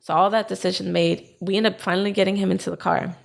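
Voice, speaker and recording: A woman's voice: mid-range voice, fast talker, gravelly. A young adult woman on a podcast, telling a personal story in casual chat and acting out what people said. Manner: animated, acts out what she and others said. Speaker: podcast co-host.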